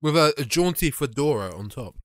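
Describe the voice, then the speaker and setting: Male co-host, lively up-and-down voice, dry close sound, quick jokey interjections. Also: medium pitch, dry recording. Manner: chimes in with short agreements and jokes. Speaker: podcast co-host. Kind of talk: casual film-review chat.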